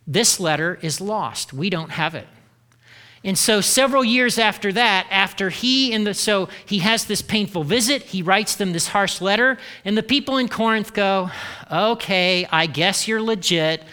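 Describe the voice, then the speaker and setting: A man's voice: high-pitched, moderate pace, bright, forceful tone. A middle-aged male pastor preaching a sermon in a loose, conversational way, acting out mocking complaints with sarcasm.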